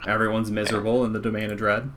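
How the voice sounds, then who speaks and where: A man running a tabletop game as game master, narrating in a relaxed, rambling way. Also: fairly low pitch, racing, a little hiss or hum. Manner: relaxed, rambling wrap-up with fillers.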